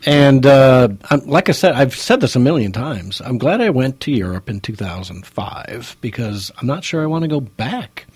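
A man's voice: medium pitch, moderate pace, hardly any pauses, husky, no echo. A man hosting a talk radio show, chatting conversationally with many fillers. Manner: conversational, lively, with frequent fillers. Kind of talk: casual talk radio banter.

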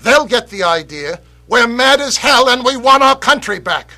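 A man's voice: very high-pitched, lively intonation, normal speed, heavily acted. A man playing a fiery patriot orator. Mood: rousing. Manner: rousing, declamatory, swings from shouting to hushed. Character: fiery male patriot orator, defiant, commanding. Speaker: actor in a political video. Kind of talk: impassioned scripted oration.

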